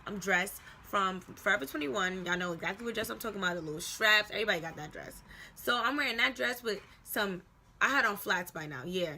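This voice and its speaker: A young woman telling a casual storytime vlog, animated and slangy, acting out quoted voices. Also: mid-range voice, a little hiss or hum. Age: young adult.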